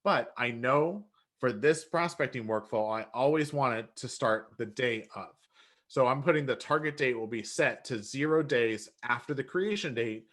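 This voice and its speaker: A man explaining step by step how to build a workflow in software, relaxed and often correcting himself. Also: mid-range voice, moderate pace. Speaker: software trainer. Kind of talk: screen-share software tutorial.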